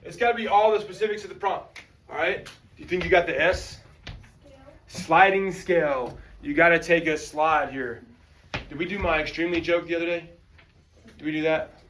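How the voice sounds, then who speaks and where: High-pitched, energetic male teacher. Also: moderate pace, long pauses, far from the mic, a little hiss or hum. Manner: energetic, slangy, calls on students. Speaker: high school history teacher. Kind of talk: classroom lecture. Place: classroom.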